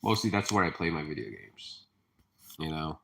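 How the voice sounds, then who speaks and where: A man's voice: very deep voice, big pitch swings, moderate pace, gravelly, fairly bright tone, breathy edge. A man chatting casually on a live stream, rambling, laughing and cursing freely. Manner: hyper, chatty.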